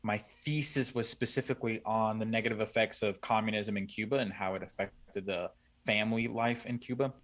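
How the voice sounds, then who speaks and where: Halting man chatting as a guest. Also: fairly low pitch, steady tone, a bit bright. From Cuban family. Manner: casual, halting, many fillers. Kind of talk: casual chat.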